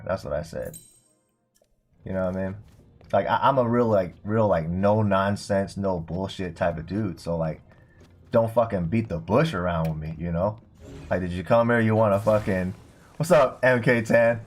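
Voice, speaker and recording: Low-voiced man rambling profanely. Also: normal speed. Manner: rambling, profane, heavy on filler words. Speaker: streamer and bartender. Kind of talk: casual storytelling while livestreaming a game.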